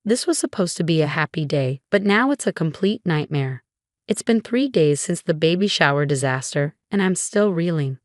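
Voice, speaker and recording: A woman's voice: low voice, expressive, moderate pace, no room sound, clean studio sound. A woman narrating a dramatic first-person story in plain storytelling manner.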